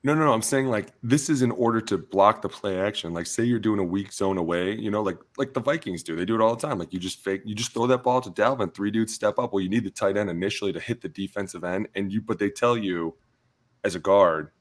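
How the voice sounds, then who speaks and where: A man with a fairly low voice chats casually on a sports podcast. He tells stories with energy and acts out the coaches and players in them. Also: quick pace. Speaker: podcast co-host, former offensive lineman.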